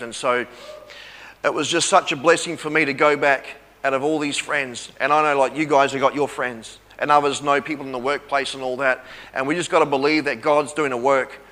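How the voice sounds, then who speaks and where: Earnest new pastor guy preaching, slightly high bright voice, big echoey hall. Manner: earnest, repeats phrases, calls for amens. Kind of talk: sermon with testimony. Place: church hall.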